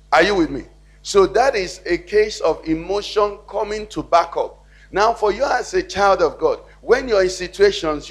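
High-voiced pastor preaching. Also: male voice. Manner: preaching with call-and-response questions to the congregation. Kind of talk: sermon. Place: church.

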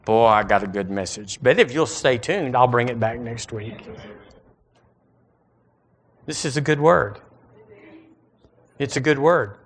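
A male pastor, preaching an animated sermon and calling on the congregation to repeat lines after him. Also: medium pitch, unhurried, long pauses, slightly rough.

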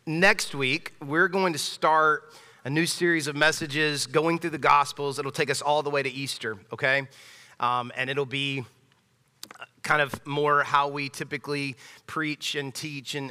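Bright-voiced man preaching in a church. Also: on the high side, smooth. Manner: conversational, emphatic, with frequent restarts. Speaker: pastor. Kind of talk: casual sermon. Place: church sanctuary. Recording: long church hall reverb.

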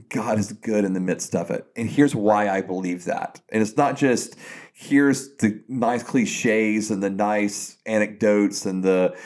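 A man with a fairly low voice speaks as a pastor on a casual podcast. He is earnest and reflective, and he often circles back and restarts his sentences as he works through his thoughts. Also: darkish tone.

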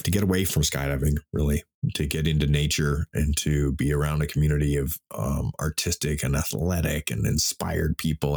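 A man's voice: extremely low pitch, darkish tone. A man in his fifties hosting a solo podcast, talking candidly and emotionally about his life, swearing freely and restarting sentences. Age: 50s. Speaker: podcast host. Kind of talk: solo reflective podcast monologue. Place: home desk in front of a computer.

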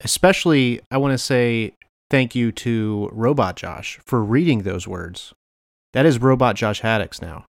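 A man's voice: medium pitch, clear, resonant tone, no echo, clean studio sound. A young adult man hosting a podcast, earnestly reading farewell thank-yous from notes with small slips. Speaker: podcast host.

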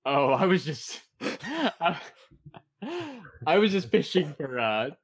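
Lively, animated male podcast host. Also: on the high side, slow, slightly rough. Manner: lively, laughs often, rambling. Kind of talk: casual chat.

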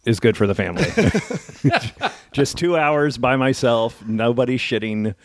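A man's voice: mid-range voice, a little slow. A man in his thirties hosting a podcast, telling a story in casual chat. He acts out the people he quotes and swears freely. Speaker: podcast host and stand-up comedian.

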